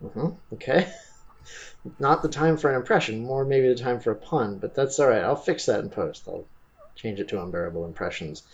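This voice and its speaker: A man's voice: mid-range voice, moderate pace, muffled recording. A man hosting a comedy podcast, rambling and goofy in casual chat. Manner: goofy, rambling, breaks into laughter. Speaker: podcast host.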